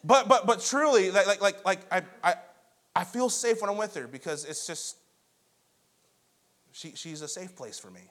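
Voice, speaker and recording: Youngish guy giving a sermon, pretty high voice, talks loose and chatty, lots of restarts. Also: animated, moderate pace, long pauses, fairly bright tone. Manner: conversational, self-deprecating storytelling with many restarts. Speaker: pastor.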